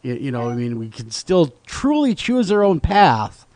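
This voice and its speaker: A man's voice: a little high, big pitch swings, normal speed, a crowd in the background. A man hosting a casual radio interview, who stammers and fills his speech with "you know.".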